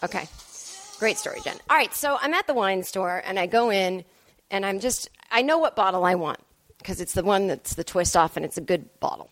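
A woman's voice: medium pitch, animated, fairly quick, a bit bright, no room sound. A woman comedian hosting her podcast alone, telling a rambling story in a sarcastic, self-mocking way. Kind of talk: solo storytelling monologue. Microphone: podcast microphone.

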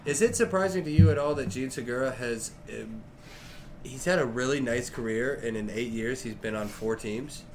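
A man's voice: medium pitch, normal speed, slight background noise. A man co-hosting a comedy podcast, laughing often and swearing freely in loose banter. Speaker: podcast co-host. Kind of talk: casual comedy chat.

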